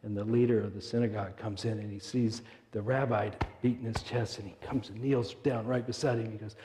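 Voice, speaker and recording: Male minister, calm meditative sermon, warm mellow tone, long church-hall reverb. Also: lowish voice. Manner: gentle, unhurried, soft-spoken with pauses. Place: church sanctuary.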